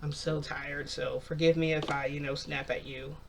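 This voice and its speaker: A man's voice: on the high side, little pitch movement, normal speed, distant mic, slight background noise, close to an everyday voice. A man quoting a tired, irritated young man. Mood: weary. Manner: subdued, apologetic.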